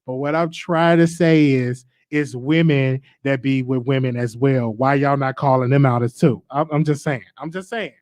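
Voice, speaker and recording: A man's voice: medium pitch, fairly even intonation, moderate pace, few pauses, darkish tone, no room sound. A man hosting a live call-in show, cutting in on callers and stammering over repeated words. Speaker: radio show host taking calls.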